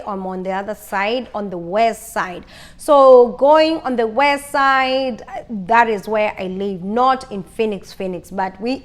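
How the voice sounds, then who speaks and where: A woman vlogger telling her own story in a casual, chatty way, often repeating herself and restarting sentences. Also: a little high. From lives in Arizona.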